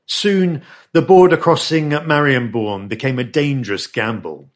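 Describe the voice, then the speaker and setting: A man's voice: mid-range voice, moderate pace. A man narrating a history podcast in a scripted, storytelling way, stressing dramatic moments. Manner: storytelling with lively dramatic emphasis.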